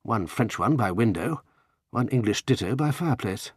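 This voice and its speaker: A man reading an audiobook, voicing a blunt, hearty young English gentleman with brisk, chummy chatter. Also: mid-range voice, animated, slightly rough, dry recording, clean studio sound.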